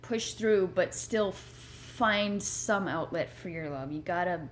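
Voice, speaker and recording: Speaking slowly in a fairly low voice, the woman chats about motivation from a room at home shared with her cat. Her talk is rambling, casual, earnest, and self-deprecating, with slight background noise.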